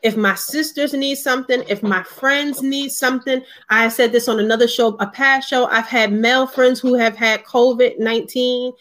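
Earnest woman co-host, somewhat high voice, conversational. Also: steady tone, normal speed, hardly any pauses, a bit bright. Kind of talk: casual online discussion.

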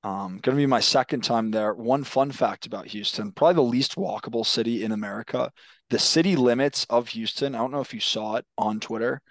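Fairly quick and medium-pitched, this young man runs a relaxed sports podcast, talking in a loose style. He often says words twice and drops casual swears. The audio has no echo.

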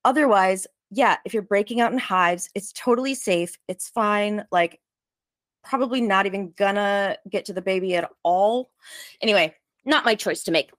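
An animated woman telling a wild story in casual chat, quick and breathless, acting out every line in the tale. Her voice sits at a middle pitch. The sound is dry and close. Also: dry recording. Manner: animated, fast, full of likes, acts out others' lines. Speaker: storyteller guest.

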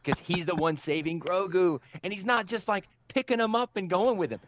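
A man's voice: high voice, a little fast, slight background noise. Enthusiastic man on a dull, dry podcast mic. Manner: emotional, enthusiastic storytelling. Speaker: podcast co-host. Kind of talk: casual chat. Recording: slightly dull dry sound.

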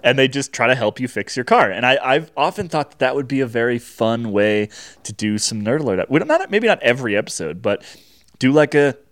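A man's voice: mid-range voice, animated, brisk, fairly bright tone, dry recording, studio quality. A man from the Boston area co-hosting a bike podcast in casual, joking chat. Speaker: podcast co-host.

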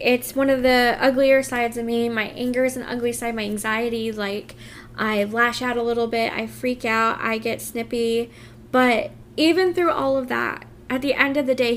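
A woman's voice: on the high side, slight background noise. A woman talking in a casual confessional vlog, heartfelt and rambling with many fillers and restarts, emotional and close to tears. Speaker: vlogger.

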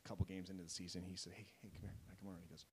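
A youth soccer coach in his thirties chats casually on a podcast, telling stories animatedly and acting out quotes. His low voice races along. There's slight background noise.

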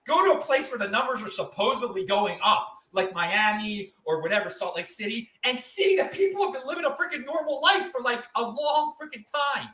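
A loud, excitable male show host who rants freely, his voice bright and lively as it swings up and down. He is heard in a noticeably roomy, echoing space. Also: very high voice, moderate pace, recorded from a distance, soft background music. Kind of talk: live-stream panel chat. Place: home studio in Salt Lake City. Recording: roomy echo.

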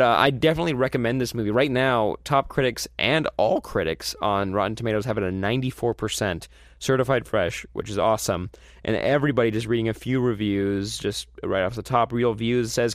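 A man's voice: mid-range voice, brisk, no room sound, studio quality. A man hosting a casual movie review chat, talking enthusiastically with frequent restarts and rambling sentences. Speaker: movie review podcast host.

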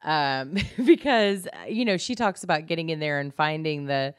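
A woman's voice: sits low, normal speed, smooth, no room sound, clean studio sound. A woman co-hosting a podcast, telling long rambling stories in a casual chat. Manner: chatty, rambling storyteller. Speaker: podcast co-host.

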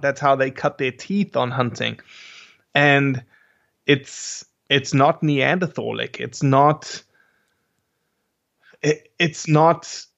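A man's voice: medium pitch, muffled recording. A man with a South African accent, talking as a guest in a casual conversation and often stopping to search for his words. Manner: slow, searching for words, many restarts. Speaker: guest hunter.

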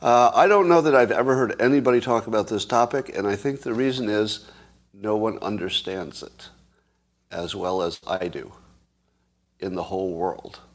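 Talking straight to his audience in a casual monologue, a show host in his fifties or beyond brags playfully and exaggerates freely. His lowish voice is a bit husky, and he deliberately alternates between slow, calming speech and faster, heated bursts.

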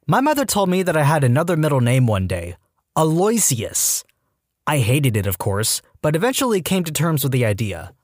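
A man narrating a series of online posts in an expressive, read-aloud style. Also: mid-range voice, no echo, studio quality. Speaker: narrator reading Reddit posts.

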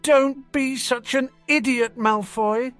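A man voicing a feisty, sharp-tongued teenage girl who answers back with quick retorts. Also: fairly high pitch, big pitch swings, faint music behind, pitched above the performer's own voice. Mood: indignant.

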